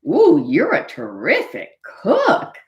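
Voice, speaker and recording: A small, crafty male piglet who sighs and politely wheedles in a raised, childlike voice, as a woman reads him aloud. The storybook delivery is slow and swings widely in pitch. It sounds in an echoey room. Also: wildly swooping pitch, lo-fi sound, heavily acted. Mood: wheedling. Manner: high, sighing, wheedling.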